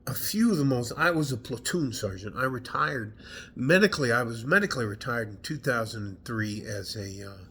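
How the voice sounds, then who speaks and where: A middle-aged man, an army veteran, talking casually to camera at home, halting and rambling, foggy from medication, swearing now and then. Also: mid-range voice, animated, bright, forceful tone, husky. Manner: rambling, halting, swears, loses his train of thought. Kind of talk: emotional casual talk to camera. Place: at home indoors.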